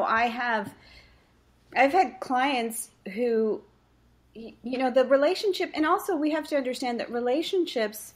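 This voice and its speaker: A woman face reading practitioner and coach, explaining relationships earnestly in a podcast interview and telling stories about her clients. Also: a little high.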